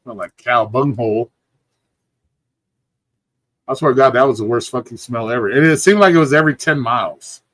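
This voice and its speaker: A laid-back man rambles through casual stream chat, cursing freely and sounding sleepy. His voice sits at an ordinary pitch and comes across dry and close, with no room sound around it. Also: brisk, long pauses, fairly bright tone, dry recording. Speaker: livestream host. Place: at home.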